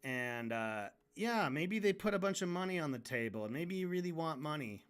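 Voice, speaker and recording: A man's voice: a little high, animated, moderate pace, fairly bright tone, clear, resonant tone. A man livestreaming while he draws, ranting casually and frankly, swearing and often restarting his sentences. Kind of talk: casual rant during a drawing stream.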